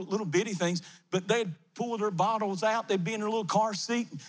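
A male pastor preaching a fervent sermon with chanted, repeated refrains in a large empty sanctuary. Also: high voice. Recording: long reverb of a big hall.

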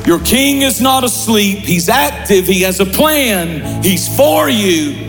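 Male pastor, high voice, slow deliberate sermon delivery, shouted peaks, reverberant church hall with faint music. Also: lively intonation. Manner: preaching with shouted builds and slow dramatic pauses. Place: large church.

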